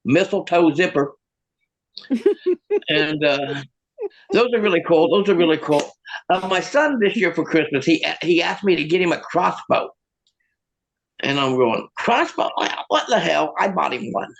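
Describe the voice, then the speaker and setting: A man's voice: on the high side, lively intonation, unhurried, gravelly, pauses often, low-quality recording. A man doing stand-up comedy with a bit of magic, telling self-mocking stories in a stammering, restarting way, filmed on his own camera.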